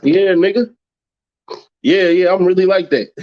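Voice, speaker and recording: This livestream host has a high-pitched voice and a measured pace, though his late-night rant is anything but restrained: he mocks critics with profanity, laughs often and comes off brash. The stream audio sounds dull and lo-fi.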